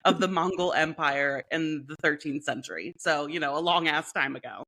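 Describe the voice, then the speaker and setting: A woman with a low voice co-hosts a podcast and talks in a loose, playful way. She laughs often and fills her sentences with "like". It sounds like relaxed chat between friends. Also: moderate pace, rough recording. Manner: chatty, playful, laughs often, many "like" fillers. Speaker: podcast co-host. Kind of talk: casual chat.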